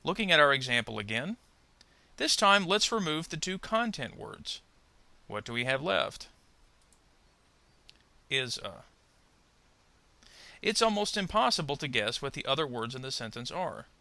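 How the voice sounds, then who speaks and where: This is scripted instructional narration: a man teaching pronunciation, voice very bright with a touch of gravel. Very animated, he walks through each point slowly and clearly, pitch rising and falling as he hits stressed words, and slowly over-articulates model sentences for learners to echo, all on a dry recording.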